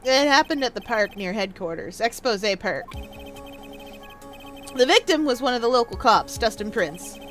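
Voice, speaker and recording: A woman's voice: a little high, animated, moderate pace, a bit bright, faint music behind, voice pushed down. A woman voicing a nerdy, eager male police detective who keeps saying sir, while playing a video game. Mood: earnest. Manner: nerdy, deferential, says sir a lot.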